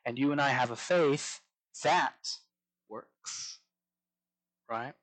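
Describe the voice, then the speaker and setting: A man preaching a sermon, reading scripture slowly and dropping to a soft voice on key lines. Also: medium pitch, rough recording. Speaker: pastor.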